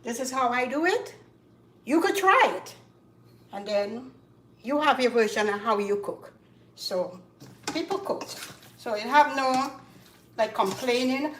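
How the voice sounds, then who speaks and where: A woman with a Caribbean accent hosting a casual cooking demonstration, chatty and repeating herself, getting loud and emphatic when she makes a point. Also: on the high side, expressive, takes it slowly, pauses often, far from the mic, a little hiss or hum. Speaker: cooking show host. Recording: echoey kitchen, voice from off-mic. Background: faint clatter of pots and dishes.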